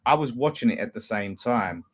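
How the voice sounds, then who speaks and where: A man's voice: medium pitch, expressive, moderate pace. Chatty man reading fan messages. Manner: chatty, laughs often, reads messages aloud. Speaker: fan channel host reading super chats. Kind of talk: casual post-match chat.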